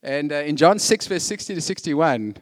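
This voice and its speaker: A man's voice: fairly high pitch, lively intonation, moderate pace. A man preaching a sermon in a chatty, conversational way, full of casual asides.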